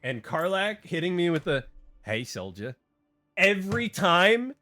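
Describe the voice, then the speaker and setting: Male streamer, bright voice, rambling and jokey, faint game music behind. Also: high-pitched, animated, normal speed. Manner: rambling, jokey, lots of fillers and restarts. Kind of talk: casual gaming stream chat.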